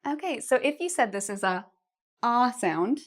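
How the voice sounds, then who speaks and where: This woman's voice sits on the high side and is expressive. She teaches an English pronunciation lesson to camera, patiently modelling vowel sounds and words for learners to repeat. She speaks slowly and exaggerates her mouth shapes as she models each sound.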